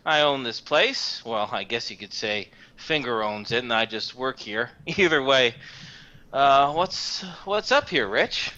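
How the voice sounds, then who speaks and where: A man's voice: medium pitch, expressive, measured pace, sharp tone. A man voicing a balding older male shop owner who talks in a folksy, easygoing trader's way. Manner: folksy, casual trader talk. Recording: dull lo-fi game recording.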